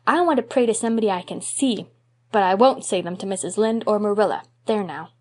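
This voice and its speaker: A woman's voice: medium pitch, brisk, lightly acted. A woman reading an audiobook, voicing an eager, mischievous little boy in a raised, childlike voice. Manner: excitable, pleading, childlike.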